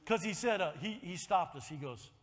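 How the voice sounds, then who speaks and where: A man in his sixties preaching a sermon, telling a story with animated swings and rising to shouts of praise. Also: high voice, normal speed. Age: 60s. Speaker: pastor. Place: church sanctuary. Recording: long hall reverb.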